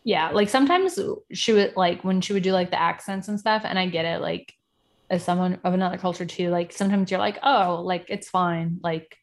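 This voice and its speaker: Speaking a little fast in a lowish voice, a woman from Puerto Rico chats casually about reality TV as a podcast co-host, her talk full of fillers and side comments.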